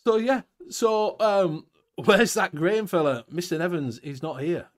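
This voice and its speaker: A man's voice: high-pitched, a little slow. A man with a Northern English accent hosting a casual livestream chat, swearing freely and chuckling as he talks. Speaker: host.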